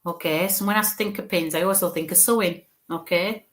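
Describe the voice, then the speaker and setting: A woman's voice: fairly low pitch, steady tone, brisk, a bit bright. A woman working as a spirit medium, giving a live reading to viewers in a chatty, reassuring way. She thinks aloud as she relays what she senses, with many "okays" and "bless yous". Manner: chatty and reassuring, full of "okay" and "bless you".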